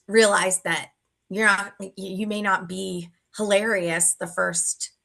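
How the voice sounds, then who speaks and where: A woman comedian talks casually as an interview guest, her voice carrying a gravelly rasp. Her tone is bright and forceful. She chats in a playful, riffing way. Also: mid-range voice, steady tone. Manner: chatty, playful, quick to riff and joke. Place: room with paintings.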